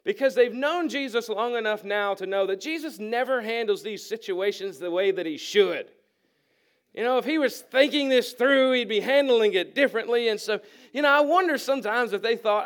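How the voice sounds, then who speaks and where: A man's voice: high-pitched, animated, normal speed, a bit bright. A pastor preaching a conversational sermon to his congregation, acting out the people in the story with humor. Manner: conversational, acts out voices with humor. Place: church sanctuary.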